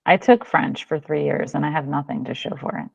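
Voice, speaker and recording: A woman's voice: low-pitched, normal speed, creaky, breathy edge, no room sound. A woman from Florida, a podcast guest chatting in an easygoing, giggly way. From Florida, USA. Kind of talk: casual chat. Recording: dull, dry sound.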